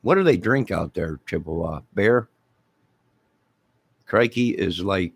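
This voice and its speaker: A man's voice: low-pitched, expressive, unhurried, vocal fry, pauses often, slightly rough, no echo. A man casually chatting with his viewers in a rambling, playful, jokey way. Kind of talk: casual live chat.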